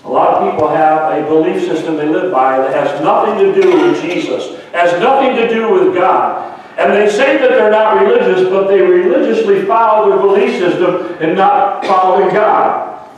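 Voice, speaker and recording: High-voiced preacher in an echoey hall. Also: male voice, normal speed, dull audio. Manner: storytelling preacher, rises to shouting refrains. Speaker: pastor. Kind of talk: Easter sermon. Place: large church hall. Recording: echoey church hall from a distance.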